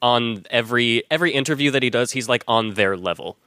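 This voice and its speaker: A man's voice: mid-range voice, fast talker, pushed and bright, dry recording, clean studio sound. A man co-hosting a casual podcast chat, cracking sarcastic jokes. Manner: joking, sarcastic. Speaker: podcast co-host.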